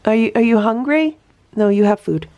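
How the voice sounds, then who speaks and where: A woman vlogging about rescue cats, switching between calm explanation and soothing sing-song talk to a nervous cat. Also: a little high, moderate pace, dull audio. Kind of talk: casual vlog narration and talking to cats. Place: indoors in a room with cats.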